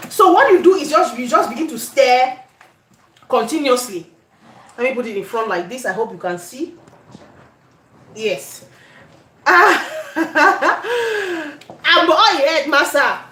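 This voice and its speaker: Cameroonian-accented woman, high voice, chatty cooking host, echoey home kitchen. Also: very animated, unhurried, pauses often, fairly bright tone. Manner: chatty, addresses viewers, breaks into Pidgin. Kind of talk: casual cooking demonstration.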